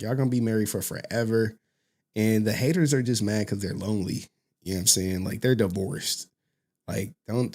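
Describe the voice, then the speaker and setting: A man's voice: lowish voice, creaky, darkish tone. A man joking with his chat in casual livestream commentary, full of slang and asides. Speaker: streamer reacting to clips.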